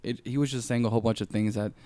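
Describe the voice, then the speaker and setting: This man talks quickly in a dark, mellow voice that stays smooth and clear. He makes his points on a gaming podcast emphatically and at length, in a dry, close sound. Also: medium pitch, fairly even intonation, no room sound. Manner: emphatic and opinionated, explaining at length. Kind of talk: casual podcast discussion.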